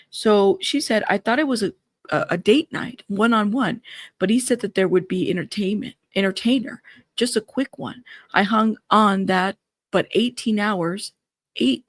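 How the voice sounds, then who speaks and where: A woman's voice: mid-range voice, no room sound, clean studio sound. A woman hosting a live-stream, reading court updates aloud and breaking in with startled asides. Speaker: live-stream news host.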